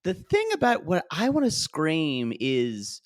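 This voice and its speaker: A man's voice: fairly high pitch, wildly swooping pitch, takes it slowly, dry recording, studio quality. A man co-hosting a podcast, recapping a reality show in loose, jokey casual chat that trails off and restarts. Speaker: podcast co-host.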